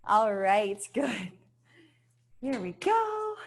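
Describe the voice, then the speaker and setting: A woman's voice: high-pitched, very animated, slow pace, a bit bright. A woman teaching a dance class for children, upbeat and coaxing, sometimes singing her cues. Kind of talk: online kids' dance class instruction. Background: backing music.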